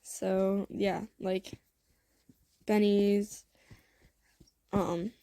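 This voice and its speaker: A young woman tells a homemade love story in a loose, rambling chat, trailing off into fillers and little laughs. Her voice is mellow and warm at a middle pitch. The recording is dry and close. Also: little pitch movement, very slow, no echo. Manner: rambling, filler-heavy, giggly. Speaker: fan audio story creator. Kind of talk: casual storytelling narration.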